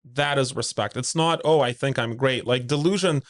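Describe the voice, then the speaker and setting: A man's voice: medium pitch, moderate pace. A man, a suit company founder, speaking as a podcast guest in a blunt, emphatic way, acting out quoted dialogue as he tells stories. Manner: animated storyteller, acts out quoted dialogue in a raised voice; blunt, emphatic, repeats key points. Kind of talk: conversational podcast interview.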